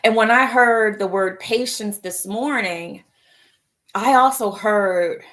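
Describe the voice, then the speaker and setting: A woman's voice: a little high, takes it slowly. Playful woman hosting a live mindfulness chat. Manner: playful and animated, reads viewer comments aloud, frequent "right?" and "y'all"; laughs easily and slips into exaggerated voices for asides. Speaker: host of a live mindfulness show. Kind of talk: casual live-stream talk about setting an intention.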